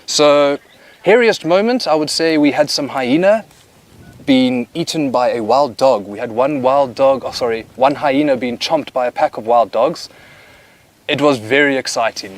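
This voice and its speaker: A man working as a wildlife cameraman, answering interview questions casually with relaxed, dry humor. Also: mid-range voice, normal speed.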